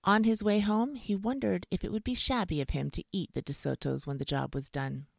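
A woman reading a bedtime storybook aloud in a cozy, expressive way. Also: medium pitch, fairly quick, vocal fry, dry recording, studio quality.

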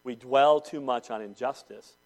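A male pastor preaches a sermon to a congregation in a church, swinging between loud declarations and hushed intensity. His pitch is medium and he speaks at a normal speed.

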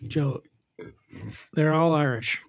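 A man co-hosting a podcast in casual chat, deadpan and teasing. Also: a little high, no echo, studio quality. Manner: deadpan, drawls names slowly. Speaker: podcast co-host.

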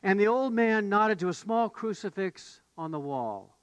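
A man's voice: sits high, lively intonation, a little slow, clean tone, dry recording. A man preaching a sermon as pastor, telling stories and building to emphatic questions. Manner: storytelling, rising to emphatic questions.

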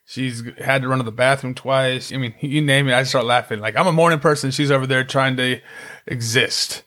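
A man's voice: medium pitch, fairly even intonation, a little fast, a bit bright. A middle-aged man co-hosting a Christian parenting podcast, talking earnestly and rambling a bit, with self-deprecating jokes. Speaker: podcast co-host.

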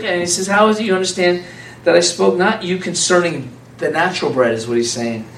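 A man preaching an informal, conversational sermon, animated and laughing often as a small group answers him. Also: high-pitched, a little fast, hardly any pauses, slight background noise. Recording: echoey room from far off.

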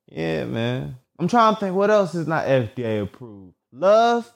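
Man, solo commentary, slightly high voice, slow unhurried pace, profane jokes, halting read-aloud. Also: very animated, vocal fry. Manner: profane, joking, reads search results aloud haltingly. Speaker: vlogger.

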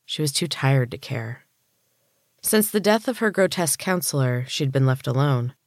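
A woman author and podcast host reading her own story aloud in a steady, measured narration. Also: very deep voice, dry recording, studio quality. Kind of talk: audiobook-style story reading.

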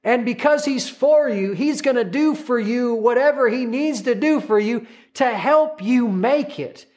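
A man's voice: very high-pitched, unhurried, a little mellow. A man preaching a sermon, emphatic and repetitive, quoting scripture and calling listeners to repeat after him.

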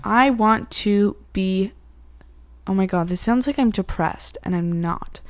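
A woman's voice: mid-range voice, a little slow. A young woman co-hosting a casual chat, talking in a rambling way with lots of "like" fillers. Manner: rambling, heavy use of filler "like". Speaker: co-host, daughter.

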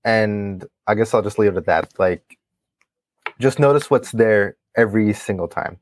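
A man's voice: on the low side, moderate pace, dry recording. A man who is a coaching client talking casually and thoughtfully as a guest. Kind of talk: casual podcast conversation.

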